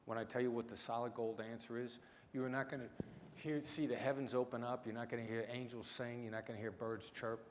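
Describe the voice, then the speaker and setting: A middle-aged man with a mix of small-town Midwestern and New York City accent, giving a punchy keynote with dramatic pauses. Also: medium pitch, flat delivery. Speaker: keynote speaker, negotiation expert. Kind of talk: conference keynote storytelling. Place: large lecture hall. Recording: hall reverb, faint room noise.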